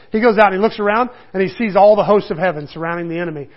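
A man's voice: high voice, racing. A middle-aged man teaching a casual Bible study, conversational, chuckling and acting out the quotes he tells. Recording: dull lo-fi recording.

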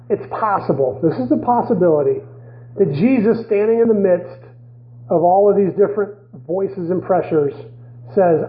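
A man's voice: sits high, normal speed. A man giving a teaching sermon in a loose, conversational way, often hedging with "kind of.". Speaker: preacher. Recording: echoey, phone-like radio broadcast.

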